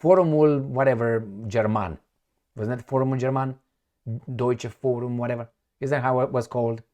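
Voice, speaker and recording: A man's voice: mid-range voice, steady tone, normal speed, dark tone. A man from Romania with a Romanian accent, giving sarcastic, scornful commentary while reading out news quotes. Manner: sarcastic and scornful, laughs at his own remarks. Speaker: political commentator.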